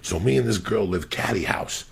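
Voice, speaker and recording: Gravelly, raunchy storytelling man. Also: fairly low pitch, normal speed. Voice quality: gravelly, husky. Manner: raunchy, animated, swears constantly, acts out quoted voices. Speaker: comedian storyteller. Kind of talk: crude casual storytelling.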